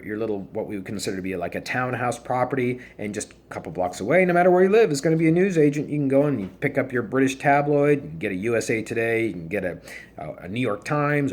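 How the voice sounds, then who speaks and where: A man teaching a university class. His pitch sits in an ordinary middle range. He talks to the students directly in a loose, conversational way and often trips over and repeats his words. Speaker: university lecturer. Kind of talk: recorded lecture.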